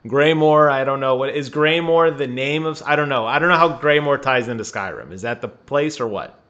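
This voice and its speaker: A man co-hosting a gaming podcast in casual chat, teasing and animated, laughing often. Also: medium pitch, moderate pace, highs cut off. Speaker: podcast co-host.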